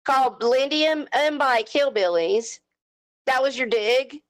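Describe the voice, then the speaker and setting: A woman's voice: sits high, slow, no echo. A woman with a Southern US accent, co-hosting a livestream at home on a headset mic, talking bluntly and with lots of swearing. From American South. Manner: blunt, profane, fired-up. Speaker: livestream co-host. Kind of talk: heated casual livestream rant. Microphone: headphones with mic.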